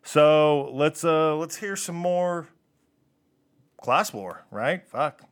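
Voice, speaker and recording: A man's voice: on the high side, expressive, extremely slow, a little hiss or hum. A man hosting a punk music radio show, talking casually between songs in a laid-back, rambling way and tripping over hard names.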